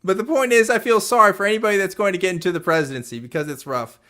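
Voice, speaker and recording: A man's voice: high-pitched, very fast, sharp tone. A man co-hosting a casual podcast who reads a transcript aloud and mocks it with profanity and laughter. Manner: profane, mocking, laughs between lines. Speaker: podcast co-host.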